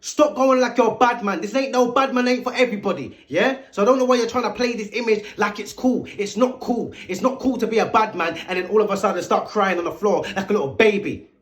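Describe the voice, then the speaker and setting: A man with a very high voice delivers a vlog commentary monologue. He lectures emphatically, throwing rhetorical questions straight at the listener. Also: fast. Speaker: commentary video host.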